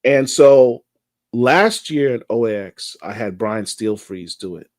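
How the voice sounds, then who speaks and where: A man's voice: medium pitch, expressive, slow pace, darkish tone, no echo. A man co-hosting a casual chat, telling jokey stories about his daughter and comics.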